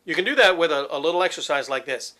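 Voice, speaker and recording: Bright-voiced man teaching singing. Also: fairly high pitch, animated, quick pace. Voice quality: resonant, focused head voice. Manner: demonstrative, explains with sung examples. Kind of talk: vocal technique lesson.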